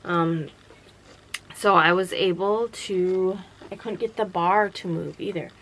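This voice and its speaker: A woman's voice: lowish voice, steady tone, slow pace, a bit bright, slight background noise, rough recording. A tired woman chatting casually and rambling at home late at night, with lots of fillers and restarts. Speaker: vlogger running a small sewing business. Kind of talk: casual chat. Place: home workroom.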